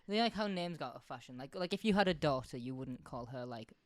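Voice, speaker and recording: A man's voice: mid-range voice, lively intonation, fast. A man co-hosting a podcast, joking and teasing in casual chat. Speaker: podcast co-host.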